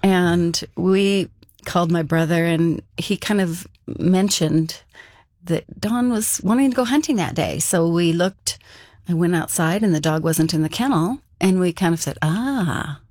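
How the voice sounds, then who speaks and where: A woman's voice: lowish voice, a little slow, darkish tone, no echo, clean studio sound. A woman telling a personal story in an interview, casual and conversational, with frequent fillers. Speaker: interview guest.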